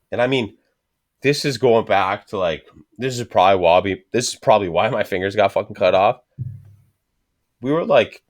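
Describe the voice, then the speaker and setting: A man in his thirties casually telling a story as a podcast guest, swearing constantly and acting out the other people's voices. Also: low-pitched. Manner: profane, animated storyteller.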